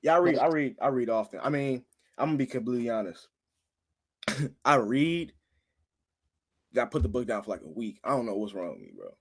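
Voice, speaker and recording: Animated slangy young man telling a story. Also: medium pitch, a little fast, long pauses, breathy edge. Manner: animated slangy storytelling, swinging from loud to muttered. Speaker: podcast host. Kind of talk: casual chat.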